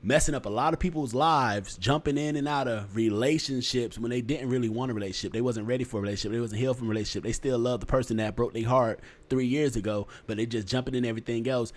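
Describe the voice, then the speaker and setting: A man hosting a casual podcast, his pitch sitting in an ordinary middle range. He talks bluntly and swears freely, lecturing about relationships in a preachy but conversational way. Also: steady tone, fast talker, few pauses. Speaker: podcast host.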